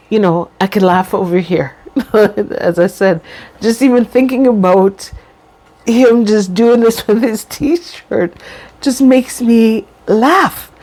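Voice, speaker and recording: A woman's voice: mid-range voice, a little mellow. A middle-aged woman vlogging casually about life after a brain injury, breaking into laughter often. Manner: laughs often while talking, drawn-out pauses. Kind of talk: casual talk to camera.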